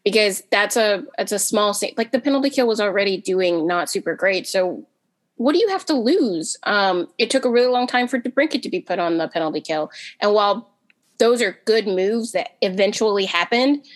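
A woman on a podcast panel in casual chat, talking in quick bursts with frequent restarts and fillers. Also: medium pitch. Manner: talks fast in bursts with many restarts and fillers.

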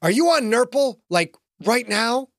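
A man's voice: very high-pitched, expressive, unhurried, dry recording, clean studio sound, voice pushed up, full character voice. A man doing a terse cool-headed biker.

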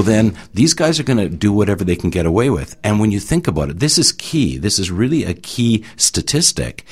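A man's voice: low voice, husky. A man speaking earnestly and persuasively as a panelist, rambling a little as he makes his point. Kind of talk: opinionated panel discussion.

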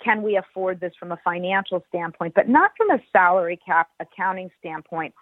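A middle-aged woman, a former football team executive, speaking as a podcast guest in a measured, emphatic way with precise wording. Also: on the low side, animated, dry recording. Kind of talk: podcast conversation. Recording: tinny phone-like line.

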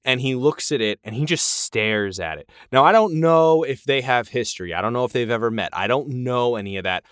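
A man's voice: mid-range voice, animated, brisk, fairly bright tone, smooth, dry recording, clean studio sound. A man co-hosting a podcast, recapping an episode in casual chat, swearing now and then and acting out characters' lines. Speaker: podcast co-host.

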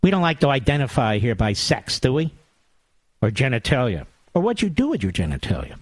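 Man, talk radio host, mocking monologue, sarcastic, lively swooping pitch, dry close sound. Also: brisk, no echo. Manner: sarcastic, mocking, theatrical swings in tone.

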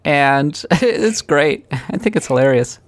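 A woman's voice: deep voice, animated, takes it slowly, no room sound. Woman, from Minnesota, podcast co-host, wry, teasing, opinionated, dry close mic. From Minnesota, USA. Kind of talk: casual podcast chat.

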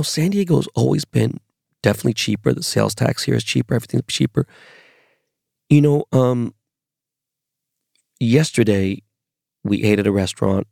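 A man's voice: fairly low pitch, vocal fry, warm tone, no room sound, clean studio sound. A man from Los Angeles, perhaps in his forties, telling rambling, profane anecdotes as a podcast host. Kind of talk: casual storytelling monologue.

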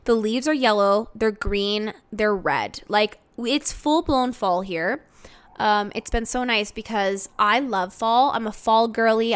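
A woman's voice: on the high side, fairly bright tone. A woman in her thirties hosting a podcast, chatting casually in a rambling way full of "like". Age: 30s. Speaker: podcast host. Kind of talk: casual chat.

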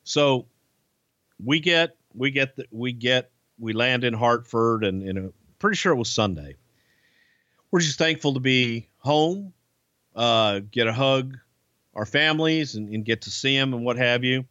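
A man's voice: mid-range voice, measured pace, dry recording. A man telling a story on a podcast, swearing freely and building to the punchline. His voice sits in an ordinary middle register. The audio is dry and a little dull, with no room sound. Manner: profane, animated anecdote-telling. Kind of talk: casual storytelling.

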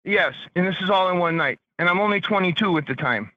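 A man calling in to tell a story about nearly dying, in a casual, animated way. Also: high-pitched, fast, dry recording, lo-fi sound. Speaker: caller.

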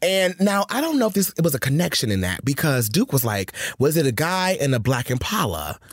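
A woman co-hosting a podcast in casual chat, loud and exclamatory, with profane banter. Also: deep voice, big pitch swings, brisk, breathy edge, no room sound, clean studio sound. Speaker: podcast co-host.

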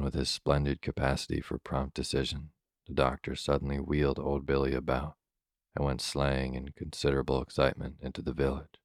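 Super deep guy reading a sleepy bedtime story, totally flat and steady, dry close sound. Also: dry recording. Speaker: narrator.

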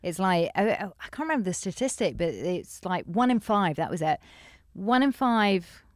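A woman's voice: medium pitch, animated, moderate pace, dry recording, studio quality. A woman, a sex therapist, talking candidly and animatedly in a casual podcast conversation, often restarting her sentences.

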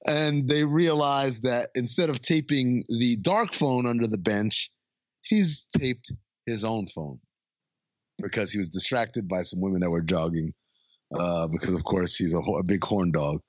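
A man's voice: fairly low pitch, unhurried, no echo, lo-fi sound. A man in casual chat narrating a comedy film's plot with a chuckle now and then. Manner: storytelling, lively, chuckling. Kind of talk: casual movie recap chat.

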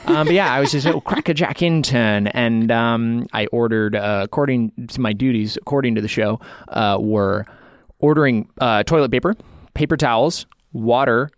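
A man's voice: mid-range voice, normal speed, dry recording. A man hosting a podcast in a casual chat, rambling and self-deprecating, with lots of filler words, on a studio mic. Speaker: podcast host.

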